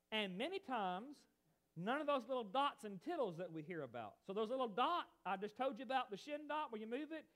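A man preaching a sermon in a high voice that swings up and down with emphasis. He talks animatedly, stressing points and turning to chat with his congregation. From United States. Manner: chatty asides to the congregation.

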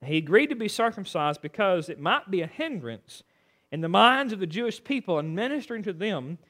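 A male preacher, delivering a sermon in a folksy storytelling way, moving between loud preaching and quiet asides. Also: sits high, sing-song, fairly quick.

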